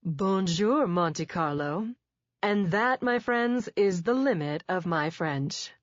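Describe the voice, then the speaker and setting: A woman's voice: on the low side, animated, slow pace, no echo. Woman doing a showy rich friend, drawling and mock-grand; dull, dry studio sound. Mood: playful. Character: rich, sweet blonde woman, showy and playful.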